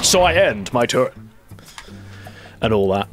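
A man's voice: medium pitch, lively intonation, normal speed, pauses often, music in the background. A man in his twenties hosting a let's play, giving casual, rambling and self-deprecating commentary while he plays a card game.

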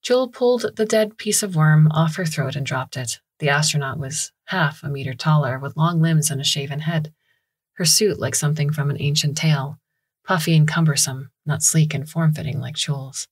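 A woman narrating a science fiction story in a measured, steady storytelling style on a close studio mic. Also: low voice, husky.

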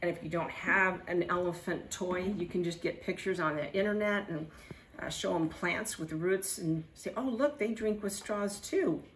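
A middle-aged woman teaching a lesson for toddlers in a sing-song voice, with animated, exaggerated gasps of delight. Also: fairly low pitch, moderate pace, a little hiss or hum. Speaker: children's teacher.

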